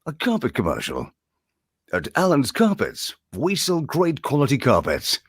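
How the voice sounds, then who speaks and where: A man putting on a cheesy male radio commercial announcer with slow, over-the-top salesy delivery. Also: mid-range voice, wildly swooping pitch, slightly rough, no room sound, studio quality, heavily acted. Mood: hammy salesman.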